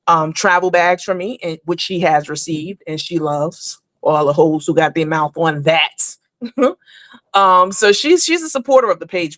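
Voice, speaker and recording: A woman's voice: fairly low pitch, a bit bright, no room sound. A woman hosting a live online show, talking casually and at length to her viewers, calling them honey and baby. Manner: chatty, rambling, addresses viewers as honey and baby. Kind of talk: casual live-stream commentary.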